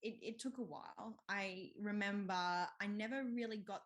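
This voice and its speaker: A woman's voice: medium pitch, moderate pace. A woman, talking openly and casually as a podcast guest, with lots of fillers and light laughter. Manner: open, chatty, frequent fillers and laughs. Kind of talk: candid conversational interview.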